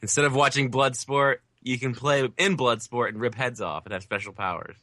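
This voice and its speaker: Forceful joking male co-host. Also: medium pitch, steady tone, normal speed, dry recording. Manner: loose, joking. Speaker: podcast co-host. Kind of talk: casual gaming chat.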